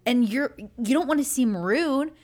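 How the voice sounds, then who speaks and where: A woman chatting casually with a high-ish, lively voice. She tells her story slowly, stretching her phrases out. She sounds animated throughout. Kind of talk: casual chat.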